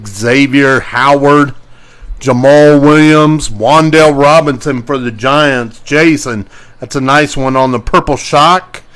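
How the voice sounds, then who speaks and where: A man's voice: medium pitch, slow, a bit bright, clear, resonant tone. A man hosting a live sports card break, calling out player names as he opens packs and greeting viewers by name.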